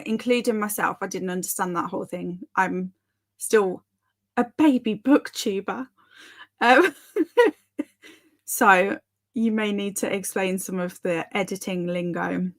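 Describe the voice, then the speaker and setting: A woman's voice: mid-range voice, steady tone, slow pace. Giggly streamer woman, thirties, easygoing live chat with viewers. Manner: giggly, chatty, reads chat aloud. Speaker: booktube streamer hosting reading sprints. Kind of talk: casual live-stream chat reading comments.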